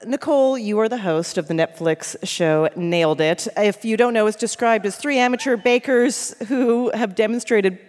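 A woman hosting a live radio interview, asking questions in an upbeat, expressive way. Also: mid-range voice, moderate pace, hardly any pauses. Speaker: host. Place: stage before a live audience. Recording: live stage with long reverb and faint audience.

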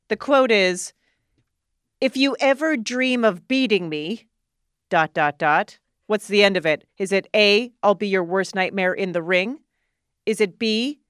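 A woman's voice: mid-range voice, moderate pace, clean tone. A woman co-hosting a talk show, reading quiz questions aloud in a playful, joking way. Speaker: co-host.

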